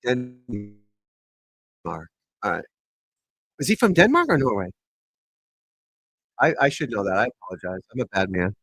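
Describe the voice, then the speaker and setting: A man hosting a casual golf livestream, talking loudly, swearing and rambling as he chats with viewers. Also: on the low side, very animated, unhurried, long pauses, dry recording, poor audio. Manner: loud, swearing, rambling and frustrated. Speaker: golf pro livestream host. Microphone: desk mic at computer.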